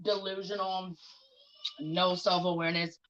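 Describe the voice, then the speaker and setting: A woman's voice: on the low side, little pitch movement, unhurried, a bit bright, lo-fi sound. A woman livestreaming in casual chat, talking bluntly with lots of swearing and mocking remarks.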